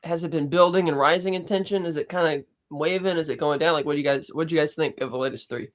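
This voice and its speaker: A co-host on a casual online panel discussion, chatting quickly and retelling scenes with acted-out quotes. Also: mid-range voice. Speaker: podcast co-host.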